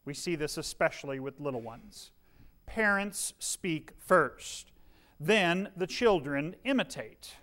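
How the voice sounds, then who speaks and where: A man's voice: fairly high pitch, lively intonation, slow, sharp tone. A middle-aged male pastor preaching a sermon, earnest, with dry humorous asides and shifting volume.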